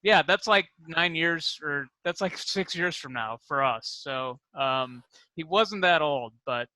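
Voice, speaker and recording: Middle-aged male co-host, bright and slightly high voice, dry close mic, rambling casual delivery. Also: expressive, slow, no room sound, poor audio. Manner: dry, rambling anecdotes with frequent fillers. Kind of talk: casual comedic chat.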